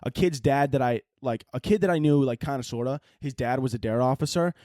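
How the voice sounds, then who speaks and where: A young man hosting a podcast, telling comedic stories in an animated, profane, mocking way. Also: medium pitch, a little fast, dry recording, clean studio sound. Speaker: podcast host. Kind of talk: comedic storytelling monologue.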